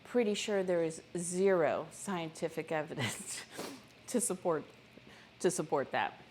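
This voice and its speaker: A woman's voice: on the low side, measured pace, darkish tone, a little hiss or hum. A woman hosting a live cooking stream from her home kitchen, chatting casually and joking at herself while she cooks. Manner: chatty and self-deprecating, talks to viewers while cooking.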